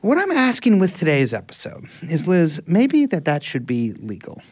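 Male co-host, a bit high-pitched, very lively swings in pitch, jokey and animated. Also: moderate pace, breathy edge. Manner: animated, jokey, swears casually. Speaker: podcast co-host. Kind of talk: casual podcast banter.

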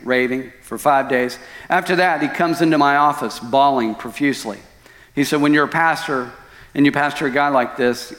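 A male pastor preaching a sermon, telling stories dramatically with loud outbursts and hushed lines. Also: medium pitch. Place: church sanctuary. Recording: long church hall reverb.

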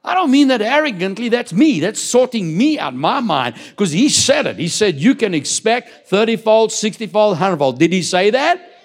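A male pastor preaches with a fairly high voice, pressing hard on his declarations until they ring out. He slows right down for scripture and throws questions back at the listeners. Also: very animated. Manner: emphatic preaching, rising loud on declarations, dropping low to read scripture; asks the congregation questions. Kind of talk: sermon.

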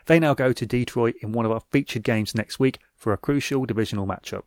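A man's voice: medium pitch, quick pace, hardly any pauses, no echo. A man hosting a podcast, reading a scripted football recap with wry, dry asides. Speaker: podcast host.

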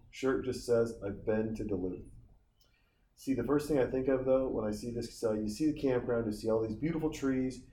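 A man's voice: fairly low pitch, warm tone. A middle-aged man from Montana giving a rambling, profane, easily sidetracked running commentary while watching a movie. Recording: echoey room with faint ambient noise.

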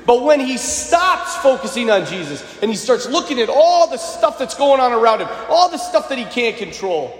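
A male pastor preaching a sermon in a church, swinging between loud emphasis and hushed moments. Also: extremely high pitch, very animated, normal speed, few pauses. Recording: echoey hall with faint ambience.

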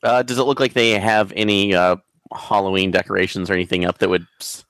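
A man's voice: low-pitched, flat delivery, fairly quick, a bit bright, dry recording. A man playing in a tabletop game, chatting casually and asking the game master questions. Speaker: player.

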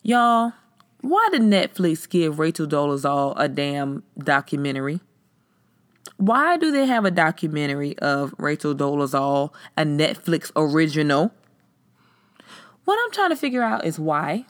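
A podcast host rants bluntly and profanely in a casual chat, animated and tipsy with slightly slurred speech. Her deep voice moves at a measured pace, with clean studio sound and no room sound.

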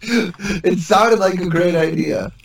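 A man's voice: high voice, slow, vocal fry, a loud crowd. A man co-hosting a podcast over a video call, sarcastic and swearing freely as he riffs. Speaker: podcast co-host. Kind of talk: casual podcast banter.

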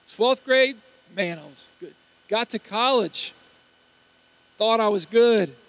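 High-voiced preacher telling stories. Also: male voice, takes it slowly, poor audio. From Baton Rouge, Louisiana. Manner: animated storytelling, acts out quotes. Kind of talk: sermon.

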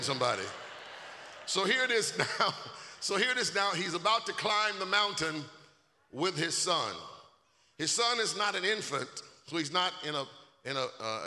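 Bright-voiced preacher man shouting in a hall. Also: fairly high pitch. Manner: call-and-response preaching, swells to shouting. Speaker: pastor. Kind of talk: sermon. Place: church sanctuary. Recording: echoey hall.

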